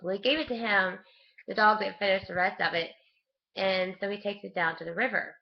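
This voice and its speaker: Casual vlogger, female, low gravelly voice, loose rambling storyteller, lo-fi webcam sound. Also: steady tone, a little fast. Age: adult with a young son. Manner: rambling, laughing often, frequent restarts.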